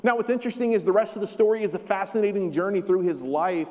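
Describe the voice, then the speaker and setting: In a church sanctuary full of long hall reverb, a pastor delivers his sermon quickly in a high, darkish voice. His preaching is emphatic and repetitive, lightened by bits of humor.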